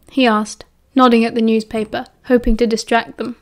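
British female audiobook narrator, steady and expressive, slightly higher voice. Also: moderate pace.

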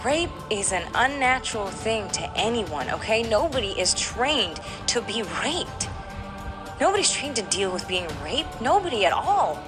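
A woman guest in a candid podcast interview, telling a painful personal story with animated emotion. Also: a little high, a little slow, music in the background.

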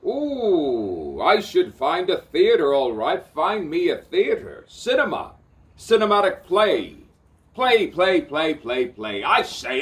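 A man's voice: a little high, huge pitch swings, slow pace, far from the mic. A man rambling in an improvised spoken-word monologue, theatrical, swearing freely and repeating words over and over.

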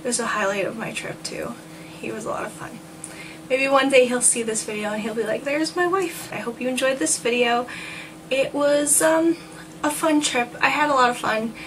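A talkative woman from New Jersey tells a rambling story for her vlog, acting out what others said. Her voice sits a bit high. She is heard from a distance from the mic, and a clear hiss of background noise runs under her. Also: steady tone, normal speed, a bit bright. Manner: chatty, rambling, quotes people in voices. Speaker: vlogger.

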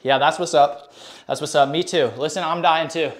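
Young male fitness streamer, high voice, winded, casual bro energy. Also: steady tone, moderate pace. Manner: hyped, casual bro talk to chat. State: out of breath. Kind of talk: live workout stream chat.

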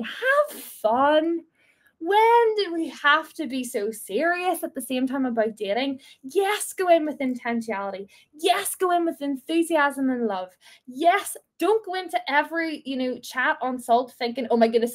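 A woman in her twenties leading a casual faith talk for a group, playful and encouraging, laughing often. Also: sits high. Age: 20s. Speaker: small group leader.

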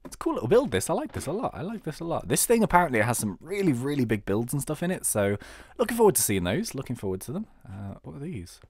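A man's voice: mid-range voice, very animated, fast, a little mellow, breathy edge. A young British man giving casual, joking gameplay commentary as a let's-player. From Britain. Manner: chatty, joking, upbeat.

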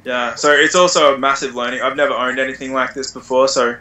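A man's voice: mid-range voice, quick pace. A man co-hosting a podcast, talking casually and loosely with lots of fillers. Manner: relaxed, filler-heavy talk. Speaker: podcast co-host. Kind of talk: casual chat.

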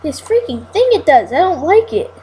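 High-voiced frustrated woman gaming. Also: very animated, moderate pace, mellow, poor audio. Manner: frustrated, exclaiming, repeats herself while playing. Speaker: gameplay commentator. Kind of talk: casual let's-play commentary.

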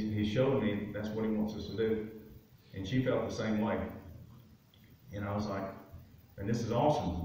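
A man with a fairly low, darkish voice gives a guest testimony at church, telling a personal story conversationally and with frequent fillers. The sound was recorded from far off in a very echoey sanctuary and carries a slight hiss or hum.

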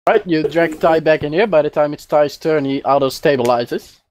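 A man's voice: fairly high pitch, normal speed, slight background noise. A man narrating a tabletop game as game master over online voice chat, casual and rambling with fillers.

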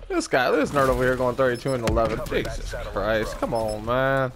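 A man's voice: mid-range voice, big pitch swings, fairly quick, hardly any pauses, noisy background. A man giving live commentary over a shooter game, ranting profanely and drawing out mocking chants. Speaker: gameplay commentator. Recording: loud game gunfire behind the voice.

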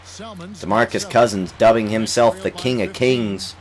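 A young man with a lowish voice talks over a basketball video game in loose, excitable commentary. He coughs now and then while getting over an illness and trash-talks the players on screen. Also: a little slow. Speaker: gaming YouTuber. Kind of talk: casual let's-play commentary.

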